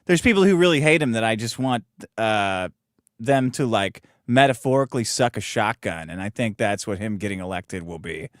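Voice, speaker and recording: A man's voice: on the low side, lively intonation, moderate pace, dry recording, clean studio sound. A man co-hosting a comedy podcast with blunt, profane, mocking takes on politics. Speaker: podcast co-host. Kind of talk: crude comedic political banter.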